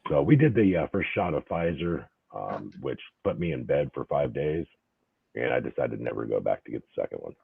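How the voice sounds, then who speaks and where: A hoarse middle-aged man with an extremely deep, gravelly voice and a husky edge. He tells his story plainly and matter-of-factly. He sounds dry and tinny, as if over a phone line. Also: big pitch swings, brisk, no room sound. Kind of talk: casual interview chat.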